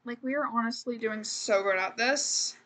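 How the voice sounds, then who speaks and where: A woman's voice: on the high side, moderate pace, a bit bright. A woman streamer giving casual, chatty, self-deprecating commentary while she plays a life-sim game. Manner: chatty, self-deprecating, says "man" and "frickin'" a lot.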